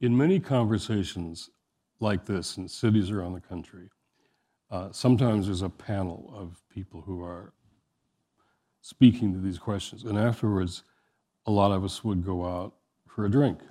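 A man hosting a podcast who reads a measured scripted introduction and then talks in conversation. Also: low-pitched, warm tone. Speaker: podcast host.

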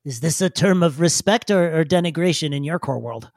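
A man voicing a timid, stiffly formal male burrowing armadillo-like alien who speaks haltingly. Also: on the high side, expressive, no echo, studio quality. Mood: hesitant.

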